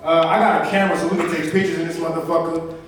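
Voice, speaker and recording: In his twenties, this man does a profane stand-up set in a small indoor venue, spinning stories and imitating his friends. He speaks very fast with a fairly high pitch and flat delivery; the distant recording is echoey, with a little hiss or hum.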